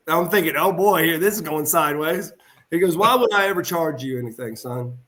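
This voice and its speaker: With a fairly high pitch and a fairly quick pace, the middle-aged former pro wrestler shares a long story on a podcast. His delivery is animated and heartfelt, wandering through anecdotes with frequent restarts and acted-out exchanges.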